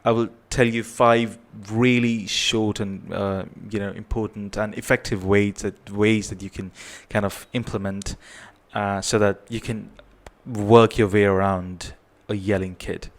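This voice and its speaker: Earnest low-voiced man giving parenting advice. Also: level tone, measured pace. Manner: earnest, repetitive, tags points with "right?". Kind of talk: advice talk to camera.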